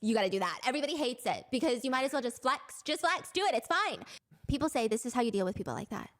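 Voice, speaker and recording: A young woman hosting, telling gossip stories in an animated, casual way and swearing freely. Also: on the high side, fast. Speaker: host.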